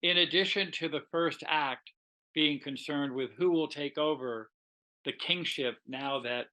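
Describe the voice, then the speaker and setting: A man's voice: fairly high pitch, unhurried, bright, forceful tone, low-quality recording. A man giving a conversational literature lecture, retelling scenes animatedly and slipping into quoted dialogue.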